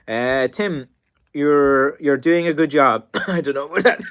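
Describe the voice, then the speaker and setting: A man's voice: a little high, unhurried, fairly bright tone. An Irish man chatting casually on a live stream and answering viewers, rambling with many fillers and restarts, his voice worn and tired with a cough. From Ireland. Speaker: stick maker answering live chat.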